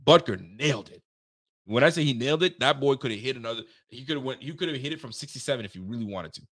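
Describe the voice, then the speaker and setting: Animated, cursing sports fan host. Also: male voice, mid-range voice, fast. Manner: animated, swings into loud outbursts and yells; swears freely, talks straight to listeners. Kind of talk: casual fan commentary.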